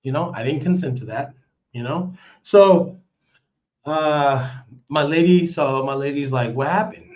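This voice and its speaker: A man's voice: fairly high pitch, a little slow, long pauses, a little mellow, muffled recording. A man telling a story on a live stream in casual, rambling talk, cursing and restarting his sentences often. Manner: rambling, profane, with many restarts.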